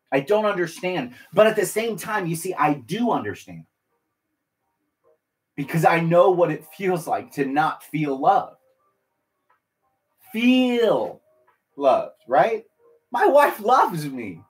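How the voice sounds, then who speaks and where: A man's voice: on the high side, big pitch swings, takes it slowly, long pauses, soft background music. A man, a military veteran, talking earnestly and emotionally to viewers on a casual live stream, rambling and restarting his sentences. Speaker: veteran livestreamer.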